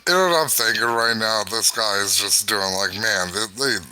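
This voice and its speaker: Sarcastic man with a bright edge. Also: fairly low pitch, animated, moderate pace, clean tone, rough recording. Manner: sarcastic, crude joking commentary. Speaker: podcast co-host. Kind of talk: casual chat.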